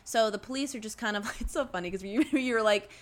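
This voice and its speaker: A woman's voice: on the high side, fast. A young woman co-hosting a podcast, chatting casually and rambling as she acts out lines from a movie. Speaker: podcast co-host. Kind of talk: casual chat about a movie.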